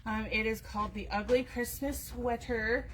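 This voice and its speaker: A woman's voice: on the high side, steady tone, moderate pace, slight background noise. A woman hosting a casual live video for a sewing store, chatty and full of fillers as she reads out class details. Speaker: sewing store staff host. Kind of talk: casual live-stream announcements.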